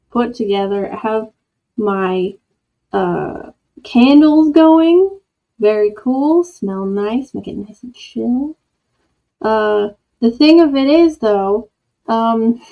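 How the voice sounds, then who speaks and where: Slow rambling woman on a lo-fi mic. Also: medium pitch. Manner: rambling, self-deprecating, chatty with laughs. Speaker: livestream host. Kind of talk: casual livestream chat. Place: home room with candles. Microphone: old desk microphone. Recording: dull lo-fi audio from an old microphone.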